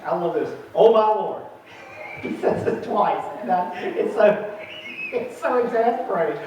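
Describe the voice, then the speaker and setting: A man's voice: very high voice, lively intonation, measured pace, darkish tone, a little hiss or hum. A man preaching a sermon, full of feeling, acting out the voices of biblical figures and chuckling at his own asides. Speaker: pastor. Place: church sanctuary. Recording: distant, echoey, muffled room recording.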